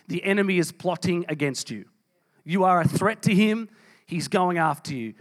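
A man preaching a sermon, reading scripture and speaking with strong emphasis. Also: high-pitched. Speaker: pastor.

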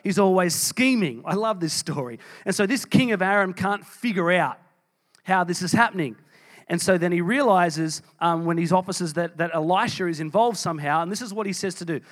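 A man's voice: high-pitched, fairly quick. A man preaching a sermon, reading scripture and speaking with strong emphasis. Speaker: pastor.

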